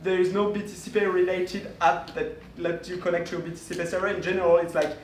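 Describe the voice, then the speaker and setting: A conference presenter, male, speaks in a fairly high, level-toned voice, stumbling through with many fillers and restarts. He sounds distant in an echoey room, with faint noise from the room behind him.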